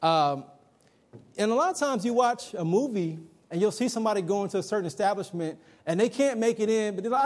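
A man's voice: high-pitched, animated, brisk. A middle-aged man preaching a sermon to young people, chatty and emphatic, telling personal stories. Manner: conversational, personal anecdotes, emphatic.

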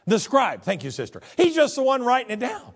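A man preaching a sermon in a folksy, conversational way, swinging from loud exclamations to hushed tones. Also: very high-pitched, wildly swooping pitch, a little fast, creaky, slightly rough. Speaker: pastor.

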